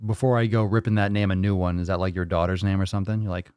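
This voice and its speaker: A man with a low voice hosts a fitness live stream and chats casually. He rambles and jokes, and he swears freely. The sound is dry and close, with no room echo. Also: fairly even intonation, fast talker, a little mellow, smooth. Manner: rambling, joking, profane. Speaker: fitness livestream host.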